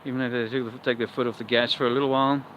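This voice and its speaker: A man's voice: mid-range voice, level tone, very fast. A man chatting wryly and rambling as he livestreams on a walk outdoors. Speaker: livestream vlogger. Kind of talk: casual livestream chat while walking outdoors. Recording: dull lo-fi outdoor sound with faint noise.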